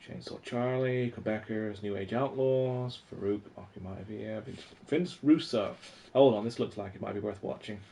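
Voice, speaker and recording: A man's voice: medium pitch, a little mellow. Rambling man chatting on a live stream. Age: 40s. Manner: rambling, reads old magazines aloud and chats to viewers. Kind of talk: casual live-stream chat. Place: at home.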